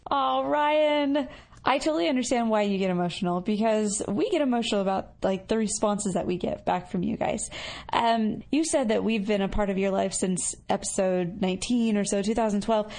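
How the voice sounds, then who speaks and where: A woman's voice: mid-range voice, normal speed, darkish tone. A woman co-hosting a podcast, answering listener messages in a casual, chatty way with lots of fillers. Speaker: podcast co-host.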